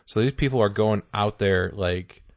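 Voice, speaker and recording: A man's voice: lowish voice, moderate pace, no echo, highs cut off. A man hosting a comedy podcast, telling a rambling, joking story full of "like". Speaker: podcast host. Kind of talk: casual comedy chat.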